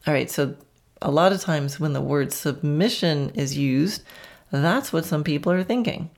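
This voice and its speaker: A woman's voice: low voice, a little slow, creaky, darkish tone. A woman hosting a solo podcast about horse training, talking in a reflective, conversational way and laughing often.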